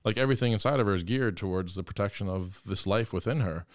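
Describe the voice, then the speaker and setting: Priest man, low voice, smooth and clear, dry sound, earnest, impassioned. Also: fast, no echo. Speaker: guest priest. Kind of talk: conversational interview.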